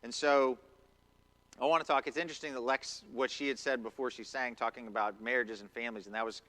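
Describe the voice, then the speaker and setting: A man's voice: medium pitch, steady tone, fast, a bit bright. A man preaching a conversational sermon in a church, acting out quotes as he goes. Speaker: pastor. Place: church sanctuary.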